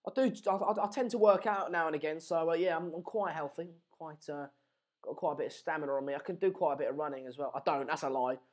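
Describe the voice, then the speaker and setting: Energetic, jokey young man. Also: a little high, quick pace. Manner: rambling, jokey, self-mocking. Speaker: live stream host. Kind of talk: casual live match chat commentary.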